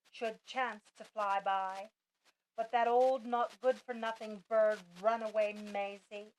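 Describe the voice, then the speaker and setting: A middle-aged woman reading a rhyming children's story aloud, slow and expressive, as a parent at bedtime. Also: medium pitch, a little hiss or hum, poor audio. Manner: slow, expressive, dropping soft at the end.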